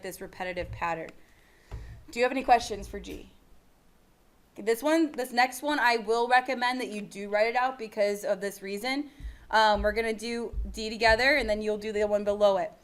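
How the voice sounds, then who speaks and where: A woman's voice: medium pitch, a little hiss or hum. A woman teaching a math lesson to a class in a patient, encouraging and casual way.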